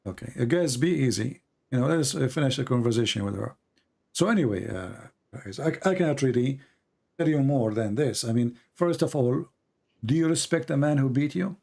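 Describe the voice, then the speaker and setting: A man hosting a live-streamed religious debate, arguing and pressing his caller with repeated questions, reading passages slowly. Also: mid-range voice, animated, gravelly, a little mellow. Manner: reads quoted passages slowly and deliberately.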